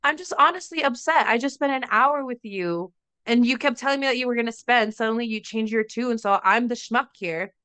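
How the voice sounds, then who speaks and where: A woman's voice: a little high, a little fast, clean tone, no room sound. A young woman co-hosting a podcast, telling a story in casual chat and acting out the quotes as she goes. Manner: animated storytelling, acts out quotes, frequent "like". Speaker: podcast co-host.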